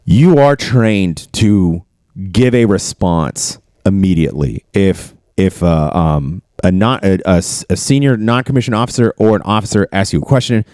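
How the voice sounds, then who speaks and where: Lowish voiced guy swearing a lot while telling army stories, dry close sound. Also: normal speed, no echo. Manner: profane, animated storytelling. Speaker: podcast host. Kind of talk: casual storytelling chat.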